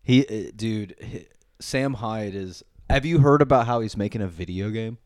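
A man's voice: fairly low pitch, normal speed, darkish tone, dry recording, studio quality. A young man co-hosting a podcast from a living room, chatting casually with lots of filler words and swearing. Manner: rambling, heavy filler words, swears often. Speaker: podcast co-host. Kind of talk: casual chat. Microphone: studio mic.

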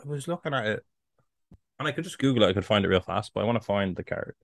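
A man co-hosting a casual podcast, jumping in with quick, excitable remarks. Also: on the low side, creaky, no echo. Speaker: podcast co-host. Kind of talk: casual chat.

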